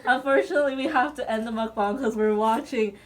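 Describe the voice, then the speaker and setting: A young woman telling a college story to friends in a casual, animated way, laughing and saying "like" a lot. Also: a little high, fast, crowd noise. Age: young adult. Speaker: college student vlogger.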